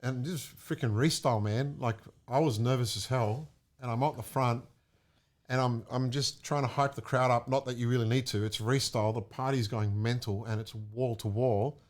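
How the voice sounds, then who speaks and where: A man, a DJ chatting casually on a podcast and telling lively stories. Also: medium pitch, moderate pace. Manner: animated storyteller, laughs while telling. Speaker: DJ and podcast regular. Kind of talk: casual chat, storytelling.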